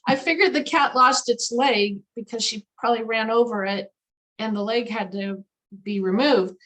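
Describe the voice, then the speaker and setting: A woman, a guest animal communicator, telling a story in an interview in an emphatic, lively way with many fillers. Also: a little high, moderate pace, rough recording.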